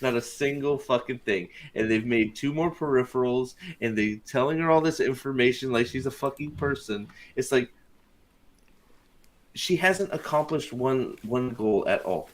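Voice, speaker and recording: A man's voice: medium pitch, normal speed. A man hosting a casual watch-party chat, ranting and mocking the show with lots of swearing. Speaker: host.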